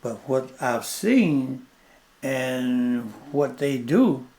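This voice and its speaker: An older man, a plainspoken interview guest telling stories slowly and repeating his points. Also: mid-range voice, lively intonation, darkish tone. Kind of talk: storytelling in casual conversation.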